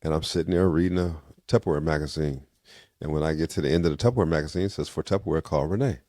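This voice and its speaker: An older man from California, a guest in an interview, casually telling a story in a lively way and acting out the dialogue he quotes. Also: rumbling low, very fast, no room sound, studio quality.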